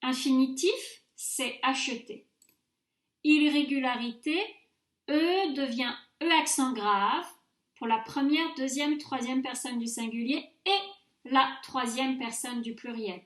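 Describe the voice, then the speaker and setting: A woman's voice: high-pitched, unhurried, a bit bright, echoey room. A woman teaching a recorded French grammar mini-lecture, patiently modelling pronunciation for her students to repeat.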